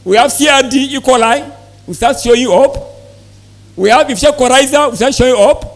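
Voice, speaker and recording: A man's voice: extremely high pitch, brisk. A man giving a live seminar talk to farmers, repeating points and asking the audience questions. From Nigeria. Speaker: sales manager giving a farm talk.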